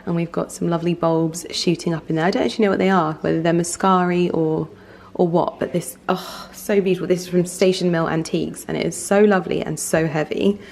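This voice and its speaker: A woman's voice: fairly low pitch, steady tone, fairly quick, gravelly, a little mellow, a little hiss or hum. A woman in her thirties, chatting casually with lots of fillers as she shows her home in a lifestyle vlog. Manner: chatty and enthusiastic, with many fillers. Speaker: lifestyle vlogger. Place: home, indoors and in a garden.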